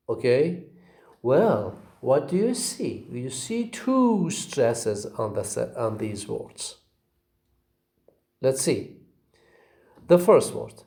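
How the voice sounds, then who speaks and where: Slow, lively-voiced male teacher. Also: mid-range voice. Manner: repeats each example word slowly for drilling; asks questions, then answers them. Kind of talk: phonetics lecture.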